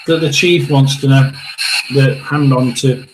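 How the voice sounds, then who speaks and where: A man hosting a live tarot and spirit box session, talking haltingly, repeating words and often clearing his throat. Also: medium pitch, fairly even intonation, background noise.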